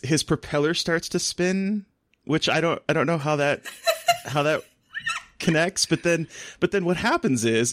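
A man co-hosting a podcast, telling a story with lots of laughter and animated asides in casual chat. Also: a little high, dry recording, studio quality. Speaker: podcast co-host.

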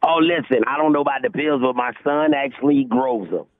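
A man calling in as a guest on a radio show, talking in excitable, repetitive casual chat. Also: mid-range voice, fairly quick, vocal fry, dry recording. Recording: tinny phone-line sound.

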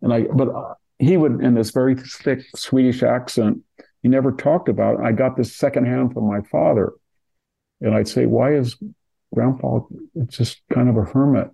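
A man's voice: mid-range voice, fairly even intonation, moderate pace, creaky, dark tone, husky. An older man from California talking through history in a rambling, casual way, with many restarts and asides. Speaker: podcast host discussing history.

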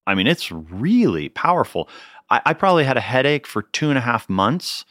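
A man, a winemaker telling personal anecdotes in an interview, earnest and animated, often restarting his sentences. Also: mid-range voice, normal speed, dry recording, clean studio sound. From United States. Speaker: winemaker guest. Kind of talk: conversational storytelling.

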